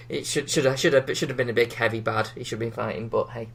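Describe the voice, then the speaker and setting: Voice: mid-range voice, steady tone, a little fast, gravelly. A podcast co-host chatting casually about a film, rambling and hesitant with frequent fillers and small laughs. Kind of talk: casual film review chat.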